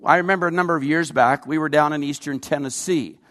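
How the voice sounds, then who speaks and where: A man's voice: a little high, fast talker, fairly bright tone, big-room sound. An older Canadian man preaching a sermon, earnest and folksy, with personal stories woven in. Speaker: pastor.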